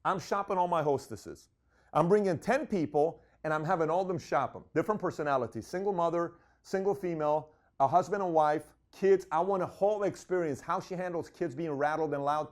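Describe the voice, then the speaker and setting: A man's voice: on the high side, fairly quick. Emphatic man telling business stories. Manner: emphatic, storytelling, acts out quotes. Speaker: business speaker. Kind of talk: business talk to an audience.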